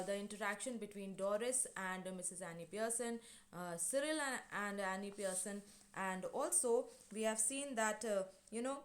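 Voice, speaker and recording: Woman teacher explaining a lesson. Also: medium pitch. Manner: retells and paraphrases, hesitant and halting. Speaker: English teacher. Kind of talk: online class lecture.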